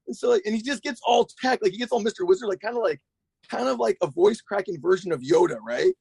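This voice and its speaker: A man, a guest skateboarder, telling a long story in a rambling, profane, animated way. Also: high-pitched, quick pace, gravelly, husky, dry recording. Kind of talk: casual storytelling.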